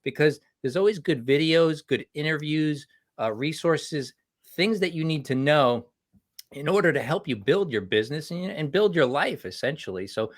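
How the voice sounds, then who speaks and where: A man's voice: on the high side, lively intonation, normal speed. A man co-hosting a live online business show, chatting casually, laughing often and greeting viewers by name. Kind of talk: casual live-stream chat.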